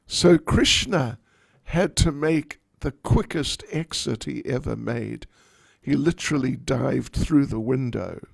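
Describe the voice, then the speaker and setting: A man, a spiritual teacher, telling a story in a class, animated and wryly humorous. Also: mid-range voice, slow pace, creaky, few pauses, no echo, studio quality.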